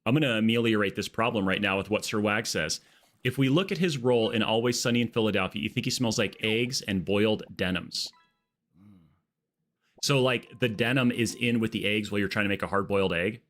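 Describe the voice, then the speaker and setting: A man's voice: fairly low pitch, brisk. A man streaming a game live, chatting casually and riffing jokes with his chat. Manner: jokey, riffing excitedly with chat.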